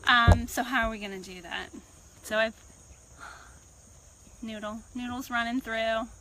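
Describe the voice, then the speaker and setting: Bright-voiced woman coaching outdoors. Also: fairly high pitch, a little hiss or hum, rough recording. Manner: calm, reflective, unhurried teaching. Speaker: personal growth coach. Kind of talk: self-help talk to camera. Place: outdoors on a farm. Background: birds and crickets.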